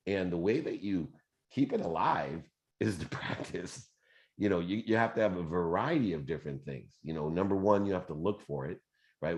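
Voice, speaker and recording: A man in his fifties hosting a live motivational Q&A, talking in an animated, conversational way with plenty of fillers. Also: very deep voice. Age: 50s. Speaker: host.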